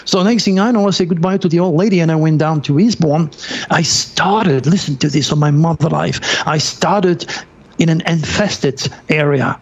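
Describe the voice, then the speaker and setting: A man with a French accent, a native French speaker, telling animated stories as an interview guest in slightly broken English. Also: a little high, gravelly, dull audio. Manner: animated, excitable storyteller with halting non-native phrasing. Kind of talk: storytelling in an interview.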